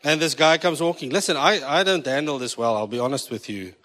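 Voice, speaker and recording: A pastor with a South African English accent preaches quickly in a slightly high, sharp-toned voice. Jokey with the congregation, he switches into Afrikaans at times, and the church hall adds long reverb.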